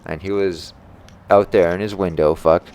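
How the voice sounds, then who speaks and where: Low-pitched man, tree worker, profane and rambling vlog rant. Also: fairly even intonation, normal speed, a little mellow. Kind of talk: ranting storytime vlog.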